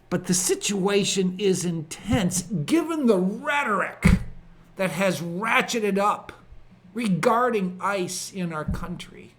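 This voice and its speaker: A man hosting a ministry show and giving a spoken commentary monologue, with emphatic repeated phrases. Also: a little high. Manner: slow, deliberate delivery with emphatic repeated phrases.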